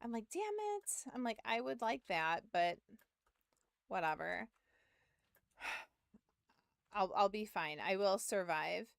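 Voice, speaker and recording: A woman in her thirties tells a long, rambling story to her stream chat, with a filler word every few words and the odd curse. Her voice is smooth and clear. The sound is dry, close to the mic, with no room in it. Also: medium pitch, takes it slowly, long pauses, no room sound. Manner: rambling, full of "like", swearing, self-mocking.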